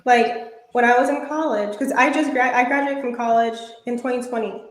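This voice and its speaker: Young woman co-host, slightly high voice, emphatic, roomy sound. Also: fairly even intonation, fairly quick. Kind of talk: casual podcast chat.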